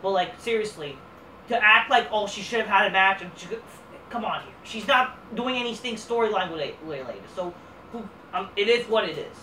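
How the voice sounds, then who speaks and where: A woman's voice: medium pitch, expressive, fairly quick, pushed and bright, slight background noise. A woman hosting a ranting wrestling review, blunt, profane and exasperated. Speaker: host. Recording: roomy echo from distant mic.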